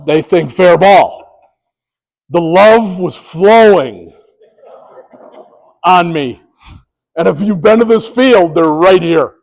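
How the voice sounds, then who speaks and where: A man with a high speaking voice trains sports officials through a lively, acted-out story. He jumps into the scenes as he tells them. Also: takes it slowly, long pauses, rough recording. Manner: animated, acts out scenes. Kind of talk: storytelling presentation.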